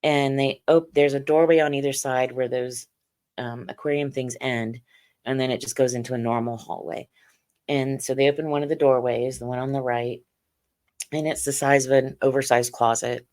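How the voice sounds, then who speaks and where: Halting, earnest middle-aged woman. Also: a bass voice, fairly even intonation, darkish tone. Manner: halting, earnest, many "you know"s. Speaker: interview guest. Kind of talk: personal account in a podcast interview.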